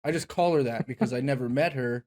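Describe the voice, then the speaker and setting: A man co-hosting a casual podcast outdoors in a park, blunt and deadpan, swearing freely. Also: medium pitch, fast. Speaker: podcast co-host. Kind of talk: casual chat.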